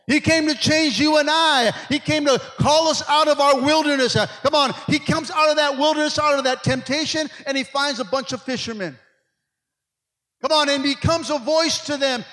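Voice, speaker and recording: A male preacher delivering an energetic sermon in church, sweating from the effort and peppering his lines with amens. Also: very high-pitched. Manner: call-and-response, frequent amens. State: sweating from exertion. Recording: long hall reverb.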